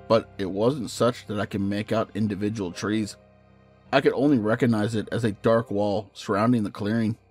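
Low-voiced male horror story narrator. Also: dry recording. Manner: measured, hushed storytelling. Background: faint music.

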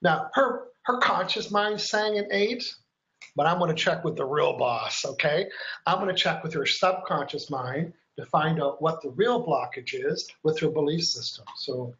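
A man's voice: fairly high pitch, moderate pace, a bit bright, echoey room, highs cut off. A man hosting a live stream, chatty and upbeat, explaining each step and counting aloud as he demonstrates. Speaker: host.

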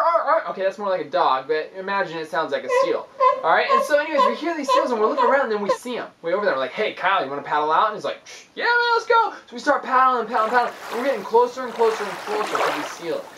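Young man, animated vlog storyteller, excitable and exaggerated, voice slightly off-mic. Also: sits high, recorded from a distance, noisy background. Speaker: youth ministry vlogger.

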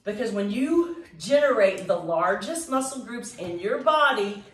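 A woman's voice: mid-range voice, animated, unhurried. Breathless upbeat woman fitness instructor. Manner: upbeat, chatty, counts reps aloud. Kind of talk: live workout class instruction. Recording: echoey room from a distance.

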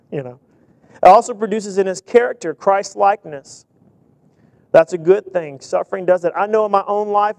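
Male preacher with a high voice on a dry close mic, animated storytelling delivery. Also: dry recording. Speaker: preacher and coach. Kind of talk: sermon.

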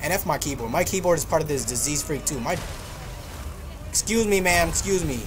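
A man's voice: a little high, a little fast, background noise. A man streaming a game live, joking and trash-talking enemies while talking to himself and his chat. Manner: excitable outbursts, talks to himself and chat. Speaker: gaming streamer. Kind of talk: live gameplay commentary.

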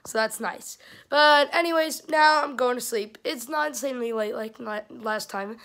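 A woman vlogging casually from a theme park and hotel, excitable and quick to shriek and laugh, filming on a handheld camera. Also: fairly high pitch, no echo. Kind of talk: casual travel vlog. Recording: theme park crowd and music behind.

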